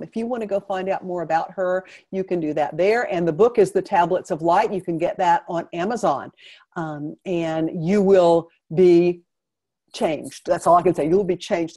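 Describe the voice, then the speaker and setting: Woman talk show host, mellow tone, effusive and chatty. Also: fairly low pitch, husky. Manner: effusive, laughs often. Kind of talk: casual live interview.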